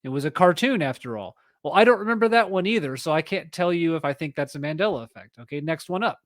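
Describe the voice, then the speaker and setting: Podcast host, male, 30s, slightly high voice, dead-dry booth sound, rambling asides. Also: expressive, quick pace, dry recording. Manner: chatty and self-correcting, reading aloud with asides. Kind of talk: solo podcast commentary.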